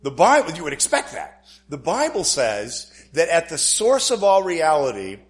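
A man's voice: a little high, huge pitch swings, normal speed. A man preaching a sermon, emphatic, repeating key phrases and acting out the lines he quotes.

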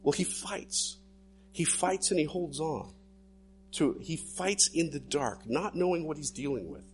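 A pastor preaching a sermon, animated, acting out inner thoughts dramatically. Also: male voice, fairly high pitch, unhurried, a little hiss or hum.

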